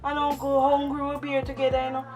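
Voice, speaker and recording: A woman's voice: high voice, monotone, fast talker, darkish tone, faint music behind, natural voice. A woman with a Jamaican accent playing a distressed young woman afraid her boyfriend is cheating, speaking in patois with a pleading tone. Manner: pleading, emotional. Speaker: actor. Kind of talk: Jamaican patois movie acting.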